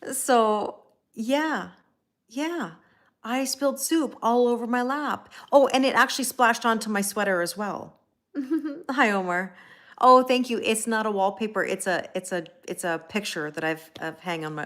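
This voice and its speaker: A woman with a medium-pitched, slightly bright voice hosts a casual live stream. She rambles through a story, laughs at herself, and greets chat viewers by name along the way. She's a livestream host and tarot reader who also works as a schoolteacher.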